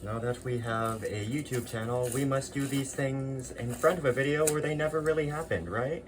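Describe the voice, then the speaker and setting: A man's voice: medium pitch, steady tone, moderate pace, background noise. A man vlogging as he sews and puts on historical Korean clothing, chatting casually with self-deprecating humor. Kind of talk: casual chat to camera.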